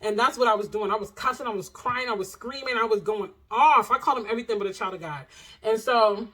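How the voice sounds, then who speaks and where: A young adult woman telling a personal story to her viewers in a casual vlog, animated and expressive, full of slang and asides to the audience. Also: a little high, fast talker, low-quality recording.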